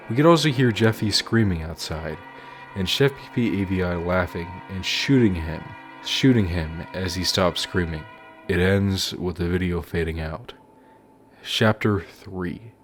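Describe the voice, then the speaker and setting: A man reading out a fan horror story in a mock-dramatic, deadpan way. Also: sits low. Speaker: narrator.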